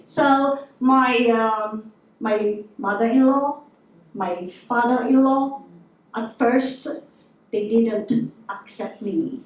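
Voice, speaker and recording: A woman with a high voice tells stories to an audience in a lively, teasing way. She sounds far from the mic, in a hall that rings with strong echo. The sound is dull. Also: slight background noise. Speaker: guest speaker. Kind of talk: lecture to an audience.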